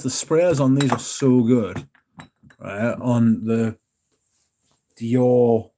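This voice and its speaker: Mellow English guy rambling on a livestream. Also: medium pitch, drawn-out words, slight background noise. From England. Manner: rambling, self-correcting, jokey and profane. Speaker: livestream host. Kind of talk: casual livestream chat, reading out chat comments.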